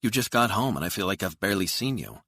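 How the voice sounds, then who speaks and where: Guy doing a higher, friendly mom voice, curious, dry close sound. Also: big pitch swings, quick pace, bright, forceful tone, slightly rough, no room sound, full character voice. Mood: teasing. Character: woman, a warm suburban wife and mother.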